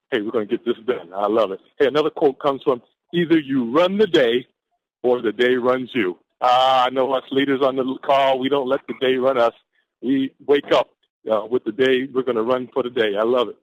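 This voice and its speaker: This man, a team conference caller from Atlanta, Georgia, USA, has a mid-range voice with no echo, though the call audio is dull and lo-fi. He delivers a motivational talk with preacher-like exuberance, drawing out the important words.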